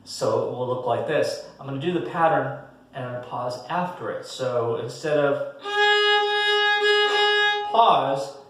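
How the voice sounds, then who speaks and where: A man's voice: mid-range voice, normal speed, recorded from a distance, over music. A man explains fiddle bowing patterns in an easygoing, hesitant lesson, full of ums and restarts as he counts out beats. He sits a little off mic in a strongly reverberant room. Fiddle tunes sound between his words. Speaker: fiddle teacher. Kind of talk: casual one-on-one music lesson. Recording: very echoey room, a bit off mic. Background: fiddle playing between talk.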